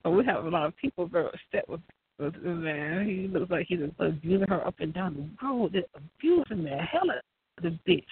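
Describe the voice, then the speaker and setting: A man with a raspy, gravelly voice, rambling and swearing in a loose monologue. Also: high-pitched, expressive, fairly quick. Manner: profane, rambling, laughs often. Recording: tinny phone-like line, dry.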